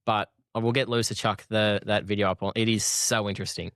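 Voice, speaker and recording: A man's voice: on the low side, flat delivery, a little fast, a bit bright, smooth, no echo, studio quality. A man hosting a podcast in casual chat, blunt and sweary, laughing often and rambling as he loses his thread. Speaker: podcast host.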